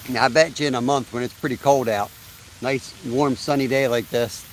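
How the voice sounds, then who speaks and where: A man in his thirties hosts a live fishing stream outdoors beside a creek, chatting in a laid-back way and laughing often. His voice is mid-range and steady at a moderate pace, and the recording is low quality with slight background noise.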